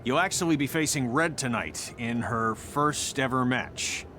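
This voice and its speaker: A man's voice: mid-range voice, a little slow, bright, forceful tone, a little hiss or hum. An actor voicing a sardonic veteran male wrestling trainer who teases his students. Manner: sarcastic, teasing. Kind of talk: video game cutscene acting.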